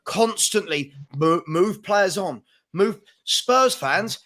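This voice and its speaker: A man hosting a live fan chat show, talking in animated, exasperated bursts with plenty of mock outrage. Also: sits high, slow pace. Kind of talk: casual live-stream football chat.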